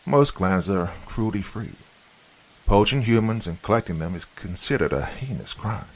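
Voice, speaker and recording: A man's voice: lowish voice, expressive, moderate pace. A man voicing a stern, no-nonsense middle-aged mother who gives curt commands.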